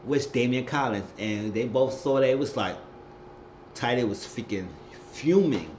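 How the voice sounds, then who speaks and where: A man's voice: mid-range voice, normal speed. A man giving a casual, slangy recap of a TV episode, retelling scenes with lots of exclamations. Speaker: TV show recapper. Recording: roomy, dull recording with faint hiss.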